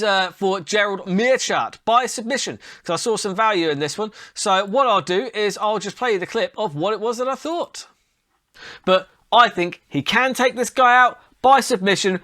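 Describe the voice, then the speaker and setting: A man's voice: high voice, sharp tone. A man hosting a comedy podcast, ranting sarcastically about the news and swearing freely.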